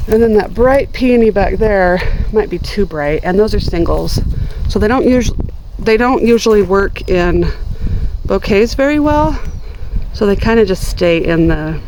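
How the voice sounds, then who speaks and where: A woman's voice: mid-range voice, darkish tone, a little hiss or hum, rough recording. A middle-aged woman chatting to viewers while she gathers flowers in her outdoor garden, filmed by a camera on a tripod. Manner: chatty, gushing over flowers, talks to viewers while cutting. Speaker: gardening vlogger. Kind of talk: casual garden vlog talk.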